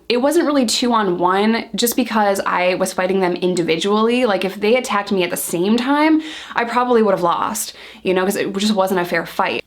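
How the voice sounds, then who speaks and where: A woman in her thirties casually telling a personal story to camera, blunt and heated, swearing freely. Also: mid-range voice.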